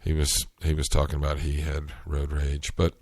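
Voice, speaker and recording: A man's voice: extremely low pitch, completely flat delivery, moderate pace, darkish tone, breathy edge, no room sound, studio quality. A man from North Carolina with a Southern US accent, chatting casually and telling stories in a solo podcast monologue. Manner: chatty, storytelling, frequent restarts. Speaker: podcast host.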